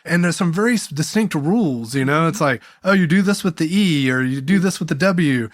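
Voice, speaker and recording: Higher-voiced man hosting, thinking aloud. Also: lively intonation, fairly quick. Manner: thinks aloud, restarts, searching for words. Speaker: podcast host. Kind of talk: conversational interview.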